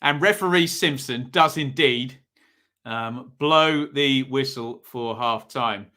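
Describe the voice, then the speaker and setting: A man's voice: medium pitch, takes it slowly, bright, forceful tone. A man with an East Anglian accent hosting a live football watch-along, giving chatty running commentary and reacting to viewers in the chat.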